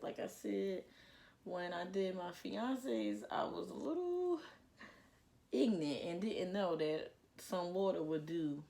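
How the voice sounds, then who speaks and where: Gravelly-voiced young woman chatting slowly. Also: sits low, darkish tone, a little hiss or hum. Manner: chatty and self-mocking, jittery with nerves. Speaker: hair care vlogger. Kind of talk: casual tutorial chat. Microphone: plugged-in microphone.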